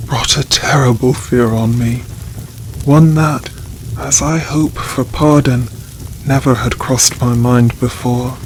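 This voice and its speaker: Slow, measured male audiobook narrator. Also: medium pitch, a little hiss or hum, rough recording. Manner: slow, measured, even reading. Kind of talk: scripted horror narration for sleep.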